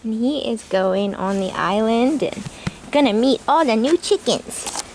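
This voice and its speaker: A woman's voice: a little high, lively intonation, measured pace, a little mellow, a little hiss or hum. A woman vlogging outdoors by a boat, chatting and cooing baby talk to her pet. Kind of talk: casual vlog chat. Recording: vlog with background music.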